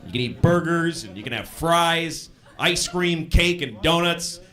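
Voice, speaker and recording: A man's voice: on the high side, lively intonation, a little slow, bright, forceful tone. A man doing a crude, self-deprecating stand-up routine in a conversational tone. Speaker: stand-up comedian. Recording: live stand-up with audience laughter. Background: audience laughing.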